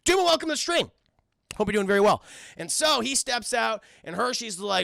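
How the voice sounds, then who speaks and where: A man streaming a casual, profane, animated film recap, constantly calling out to his chat. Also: very high-pitched, moderate pace, gravelly, no echo, studio quality.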